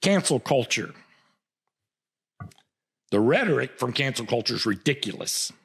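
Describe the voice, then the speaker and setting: A man's voice: medium pitch, very animated, measured pace, gravelly, a bit bright, husky. A man hosting a podcast, delivering a passionate political commentary monologue with frequent stammering restarts. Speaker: podcast host.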